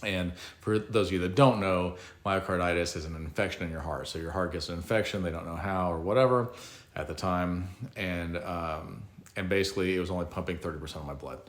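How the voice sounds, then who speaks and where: Brief: middle-aged man, very low voice, casual self-deprecating storyteller, echoey room. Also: a little fast. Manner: conversational, self-mocking, reflective.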